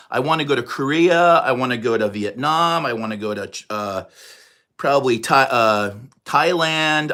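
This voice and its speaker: A man in his sixties with a New York accent, chatting casually and fast on a livestream. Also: medium pitch, a bit bright. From New York area, USA. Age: 60s. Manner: fast, chatty, reads out viewer comments. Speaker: livestream host.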